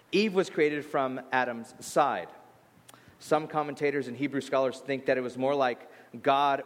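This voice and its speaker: A man preaching a sermon as a pastor, talking in a loose, conversational way and telling lively stories with quick asides. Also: medium pitch, big-room sound. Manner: conversational, animated storytelling with asides.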